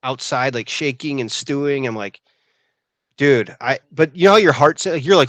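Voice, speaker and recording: A young adult man co-hosting a podcast, telling stories in a casual, animated way and saying "dude" a lot. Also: medium pitch, moderate pace, no echo. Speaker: podcast co-host. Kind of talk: casual chat.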